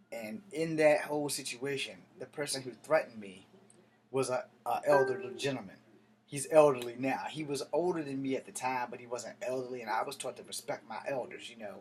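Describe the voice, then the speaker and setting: A man in his thirties vents straight to his audience, wandering off track as he talks. His delivery is profane and fired up, with a voice of middling pitch. A faint hiss sits under the recording. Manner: profane, heated, digressive street talk. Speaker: vlogger. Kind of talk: casual rambling storytelling to camera.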